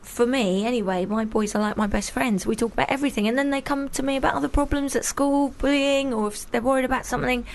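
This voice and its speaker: A middle-aged woman co-hosting a radio chat show, her voice pitched a touch high. She talks in a playful, gossipy way and mocks herself. She often cuts into the talk. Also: steady tone, fast talker, hardly any pauses. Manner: chatty, playful, self-mocking, talks over others. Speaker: radio co-host.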